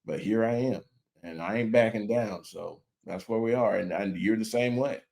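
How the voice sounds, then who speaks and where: A man's voice: fairly low pitch, moderate pace, vocal fry, darkish tone. A middle-aged man, a guest on a podcast, talking in a folksy, conversational way. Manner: folksy, conversational, with many "you know"s. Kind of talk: casual podcast chat.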